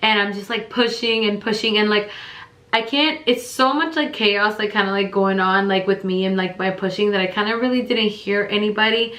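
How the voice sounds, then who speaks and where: A young woman vlogger casually telling a long personal story, rambling with lots of fillers and lively quoted voices. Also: medium pitch, moderate pace, reverberant.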